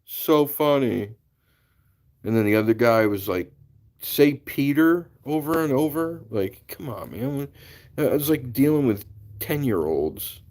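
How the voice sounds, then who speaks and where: A man's voice: medium pitch, big pitch swings, moderate pace, a little mellow. A man hosting a casual livestream, chatting and laughing as he greets viewers by name. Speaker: livestream host. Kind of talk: casual live-stream chat.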